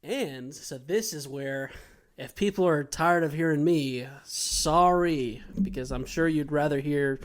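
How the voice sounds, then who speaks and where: A man hosting a comedy podcast, telling crude stories loudly with deadpan punchlines. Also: fairly high pitch, a little slow. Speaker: podcast host. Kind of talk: comedic casual chat and storytelling.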